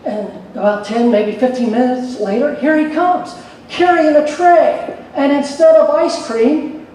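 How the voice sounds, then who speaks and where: A man emceeing on a convention stage, telling jokes and introducing speakers in a folksy, animated way. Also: very high voice, unhurried, slight background noise. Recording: echoey hall from far off.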